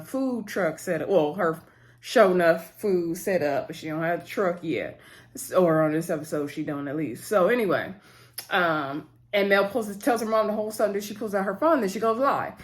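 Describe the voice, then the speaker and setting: A woman giving a casual, chatty recap of a reality show episode, acting out the cast's lines in quick bursts, with lots of fillers. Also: lowish voice. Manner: chatty, retells scenes by voicing the cast, many fillers and laughs. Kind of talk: casual recap with acted-out quotes.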